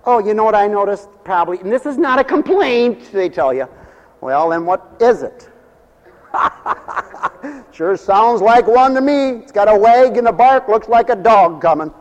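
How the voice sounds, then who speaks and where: A man's voice: sits high, expressive, unhurried, lo-fi sound. A middle-aged or older man preaching a folksy, joking sermon that rises into fervent hallelujahs. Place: church mission hall. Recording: echoey hall.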